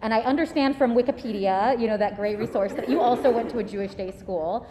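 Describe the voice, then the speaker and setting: Female school host, slightly high voice, friendly and laughing, recorded in an echoey room with faint noise. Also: fast, mellow. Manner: friendly, laughing often, many fillers. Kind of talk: casual interview.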